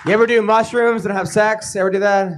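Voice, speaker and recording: Guy emceeing a comedy show, kinda high voice, crude jokes, pumps up the crowd. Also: fairly even intonation, fairly quick, slight background noise. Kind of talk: stand-up hosting.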